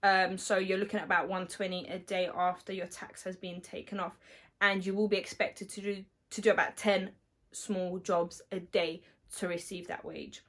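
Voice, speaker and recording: Slightly hoarse woman explaining casually. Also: lowish voice, flat delivery, moderate pace. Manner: chatty, many fillers, explains step by step. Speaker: electrician.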